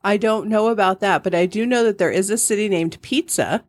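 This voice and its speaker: A middle-aged woman co-hosts a podcast, chatting casually at a fairly quick clip in a medium-pitched voice. She rambles, giggles and laughs often. The recording is dry, with clean studio sound.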